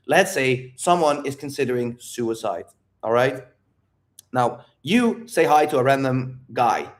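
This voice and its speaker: A man's voice: medium pitch, a little slow. A man who is not a native English speaker, hosting a live Q&A stream and talking energetically with plenty of swearing. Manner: energetic, profane, rambling. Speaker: livestream Q&A host. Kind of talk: live unscripted monologue to chat.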